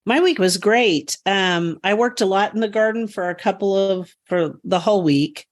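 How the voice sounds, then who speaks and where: A woman's voice: mid-range voice, moderate pace. A woman co-hosting a gardening podcast, telling rambling, enthusiastic stories about her garden. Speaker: podcast co-host. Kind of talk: casual chat.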